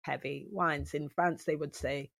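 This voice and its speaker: A woman DJ chatting as a podcast guest, telling stories with lively asides. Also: low-pitched, a little slow, gravelly, no room sound. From United Kingdom. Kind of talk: casual chat.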